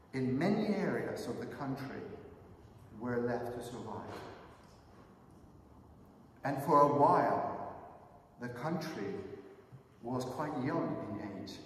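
Male pastor, sermon, unhurried, addresses the brothers and sisters; recorded far off in a long-echo sanctuary. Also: medium pitch, a little hiss or hum. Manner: earnest, asks the congregation many questions; calls the listeners brothers and sisters. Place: church sanctuary. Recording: echoey hall, mic far off.

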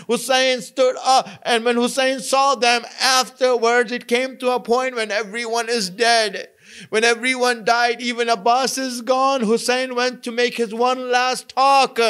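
High-voiced, slow man preaching a sermon. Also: a bit bright, smooth. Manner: narrates with quoted dialogue, repeats lines for emphasis. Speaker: preacher giving a majlis. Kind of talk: storytelling sermon.

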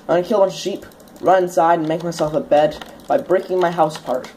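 A woman's voice: fairly low pitch, steady tone, fast talker, warm tone, a little hiss or hum. A young woman hosting a gameplay video, chatting casually as she plays, swearing now and then and bursting into sudden shrieks when startled. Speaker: let's play host.

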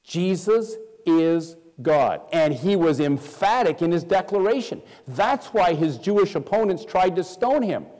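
A male pastor preaching with a fairly high voice that swoops up and down with great animation. He is emphatic, sinking soft and low to press a point home, and his words ring out with a long reverb in the church hall. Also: lively intonation, unhurried, hardly any pauses. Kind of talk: sermon.

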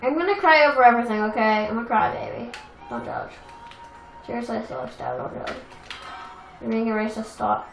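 A young woman casually commenting on a racing game she plays, chatty and self-deprecating, with excitable outbursts. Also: a little high, fairly quick, vocal fry, pauses often. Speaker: let's play gamer. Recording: echoey room with game music.

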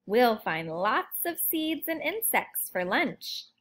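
A woman's voice: a little high, big pitch swings, takes it slowly, a bit bright, heavily acted. A woman doing a cheerful daddy quail. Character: father quail, cheerful and protective.

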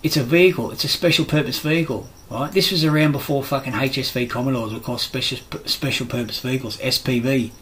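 A man's voice: mid-range voice, fairly even intonation, quick pace, few pauses, a bit bright, a little hiss or hum, rough recording. A middle-aged Australian man in a rambling, profane monologue, blunt and aggrieved, swearing constantly.

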